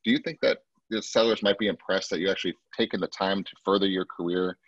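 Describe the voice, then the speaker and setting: A husky, low-pitched man leads a sales training class, stressing his points and slipping into a higher voice when he quotes clients. The sound is dry and dull, like a lo-fi video call. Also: fairly even intonation, quick pace, no room sound. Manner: emphatic, acts out client quotes in a much higher voice. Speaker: real estate sales trainer.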